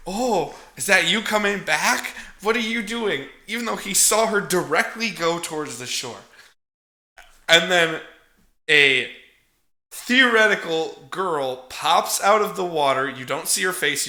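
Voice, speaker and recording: A man's voice: on the high side, lively intonation, normal speed, pushed and bright, reverberant. A man casually recapping a film as a podcast co-host, swearing freely and laughing as he tells it. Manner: profane, chuckling storyteller.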